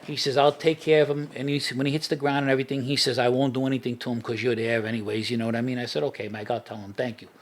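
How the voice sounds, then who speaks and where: A man's voice: mid-range voice, little pitch movement, very fast, hardly any pauses. Street-wise man telling old stories. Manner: street-wise storyteller, laughs at his own anecdotes. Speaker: podcast guest. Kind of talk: storytelling in a casual interview.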